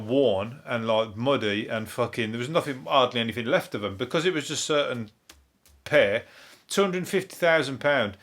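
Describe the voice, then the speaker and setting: A man's voice: mid-range voice, fairly bright tone. A man with a Birmingham accent hosting a casual solo podcast, rambling loosely, swearing often and chuckling to himself. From Birmingham, England. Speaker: podcast host and comedian.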